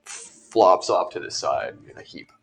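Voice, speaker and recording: Male player, low and animated, quick asides. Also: creaky, faint music behind. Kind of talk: tabletop game play.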